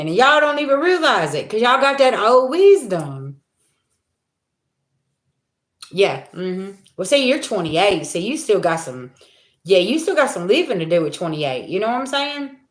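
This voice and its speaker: A woman's voice: a little high, a bit bright. Chatty woman in a roomy echo. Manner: chatty, folksy, addresses viewers as y'all. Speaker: spiritual reader. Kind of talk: casual livestream talk to viewers.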